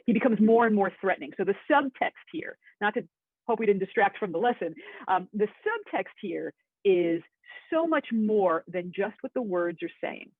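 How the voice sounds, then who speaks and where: Woman acting coach, chatty webinar teacher, husky, phone-thin sound. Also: medium pitch, lively intonation, normal speed, no echo. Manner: chatty and enthusiastic, with asides. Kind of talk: webinar lesson. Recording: tinny phone-like audio.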